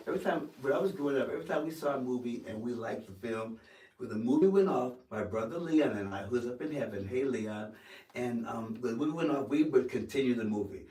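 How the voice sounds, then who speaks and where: A man being interviewed as an actor, telling an animated story with stammering restarts and acting out the quoted lines. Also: medium pitch, fairly quick. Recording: roomy sound from a distance.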